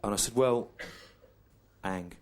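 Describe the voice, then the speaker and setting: A low-pitched man doing stand-up on a club stage, delivering a long story with slow, deadpan repetition. Clear background noise and audience laughter sit under his voice. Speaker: stand-up comedian. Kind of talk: live stand-up routine.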